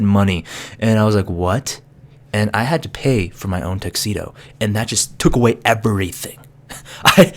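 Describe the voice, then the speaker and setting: A young man, a college student, casually telling a funny story to camera, laughing and acting out voices. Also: mid-range voice. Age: young adult. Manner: animated, laughing, acts out voices. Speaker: vlogger.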